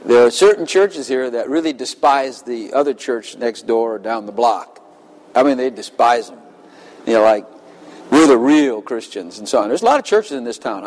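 A man preaching a sermon, emphatic and impassioned, with dramatic readings of scripture. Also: medium pitch. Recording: long hall reverb.

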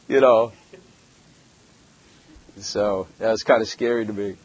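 A man's voice: on the low side, steady tone, slow, pauses often, low-quality recording. A German-born man preaching a sermon and telling his own story in a blunt, joking way, with rhetorical questions to the congregation. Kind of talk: sermon with personal testimony.

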